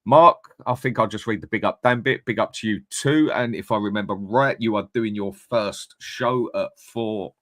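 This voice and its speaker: A man talks casually and bluntly on a live stream, shouting out viewers as he goes. His voice sits fairly low. The sound is dry and close to the mic. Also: normal speed, hardly any pauses, no echo. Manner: blunt, chatty, reads out viewer comments. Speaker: fan channel host.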